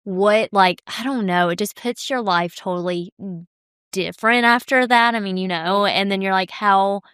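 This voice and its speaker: A woman's voice: medium pitch, normal speed, a bit bright, clear, resonant tone, dry recording, studio quality. A woman co-hosting a casual interview, playful and swearing now and then. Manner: playful, swears, laughs along. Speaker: podcast co-host.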